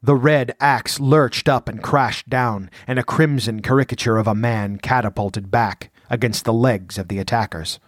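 Male audiobook narrator, even mid-pitched voice, dry close sound, steady dramatic storytelling. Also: dry recording. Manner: measured, vivid storytelling.

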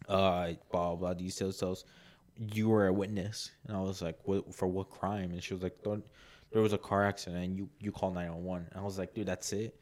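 A man with a fairly low voice telling a long story on a casual podcast. He rambles, fills every gap with "like," and acts out what people said to him. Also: level tone, brisk, darkish tone. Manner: rambling, many "like"s, laughs a lot, acts out quotes. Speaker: podcast co-host.

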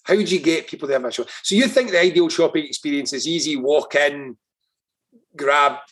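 A Scottish man speaks as a podcast guest in a husky voice that sits a little high for a man. He tells his anecdotes with animated emphasis and drops the odd swear word. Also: a little fast. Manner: animated, emphatic storyteller who swears freely. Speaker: guest, political strategist. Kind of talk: casual podcast conversation, storytelling.

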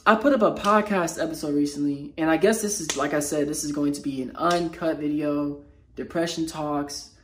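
There's slight background noise as a man who speaks on mental health motivation talks unscripted in his personal vlog during a low moment. He's halting, raw and emotional, restarting often and leaning on slangy fillers.

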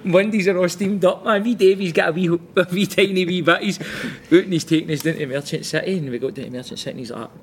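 A man's voice: sits high, quick pace, few pauses, slight background noise. A Scottish man co-hosting a casual chat, laughing and swearing as he tells stories. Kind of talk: casual banter.

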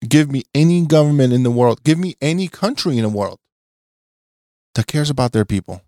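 A man's voice: medium pitch, expressive, brisk, warm tone, no echo, clean studio sound. A man, a podcast guest talking in a blunt, skeptical, joking way. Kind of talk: casual podcast chat.

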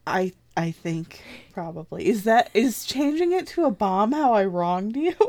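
Woman, podcast co-host, playful teasing chat, quick to laugh. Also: mid-range voice, sing-song, a little mellow.

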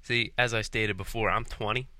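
A man's voice: on the low side, steady tone, normal speed, sharp tone, no echo. A twenty-year-old man from Philadelphia, a podcast guest rambling jokily and a bit out of breath. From Philadelphia, Pennsylvania. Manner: jokey, rambling, mock-indignant about food. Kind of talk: casual monologue answering questions.

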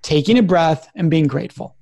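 A man's voice: fairly high pitch, brisk, darkish tone. A man, a guest expert in an interview, talking in an earnest, emphatic way as he gives advice. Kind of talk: interview conversation.

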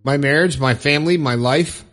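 A man's voice: on the high side, normal speed, a bit bright, faint music behind. A middle-aged man hosting a solo podcast, talking in an earnest, upbeat, rambling way about staying positive, with casual swearing. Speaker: podcast host.

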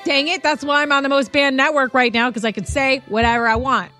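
A woman's voice: high voice, fairly even intonation, fairly quick, bright, forceful tone, faint music behind. A woman guest-hosting a talk show, chatty and indignant, speaking emphatically. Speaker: guest host.

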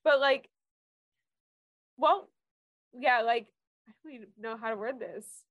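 A woman hosts a casual podcast interview, asking halting questions and giving short encouraging replies. Her voice is fairly high, and the sound is dry and close. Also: dry recording, narrow, tinny audio. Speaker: podcast host.

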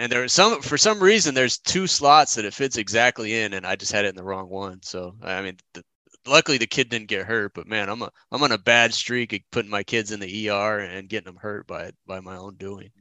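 Self-deprecating male co-host, lowish voice, dry sound. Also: a little fast, pushed and bright, dry recording. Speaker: podcast co-host. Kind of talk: casual storytelling.

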